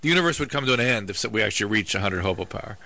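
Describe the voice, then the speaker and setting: A man co-hosting a call-in radio show, dropping dry, deadpan asides. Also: lowish voice, rapid-fire, vocal fry. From United States. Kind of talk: casual call-in radio banter.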